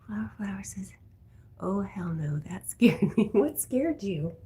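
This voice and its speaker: A woman hosting a night livestream, reading chat aloud and talking softly to her dog, sometimes in a whisper, a little wheezy. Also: medium pitch, lively intonation, measured pace, slightly rough. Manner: soft, often whispering, talks to her dog.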